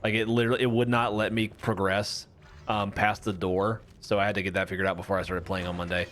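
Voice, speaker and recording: A man's voice: on the low side, flat delivery, fast talker, a bit bright, a little hiss or hum. A young man streaming a horror game, chatting casually and rambling with viewers. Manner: rambling, chatty, self-mocking. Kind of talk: casual gameplay commentary.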